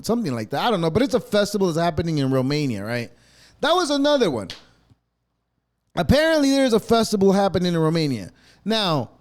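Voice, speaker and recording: A podcast host with a high, darkish voice launches into a rambling, sarcastic rant packed with profanity.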